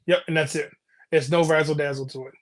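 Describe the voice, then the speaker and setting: A man's voice: a little high, steady tone, fast talker, a crowd in the background. A man co-hosting a casual podcast chat, explaining his views earnestly and often breaking off mid-sentence. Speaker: podcast co-host.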